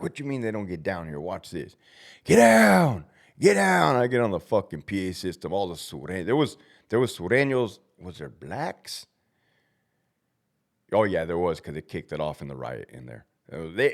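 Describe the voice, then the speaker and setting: Profane, lively ex-prison-guard storyteller. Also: male voice, sits low. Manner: profane, blunt, laughs at himself, acts out shouted commands. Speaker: former prison officer telling stories. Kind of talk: casual storytelling monologue.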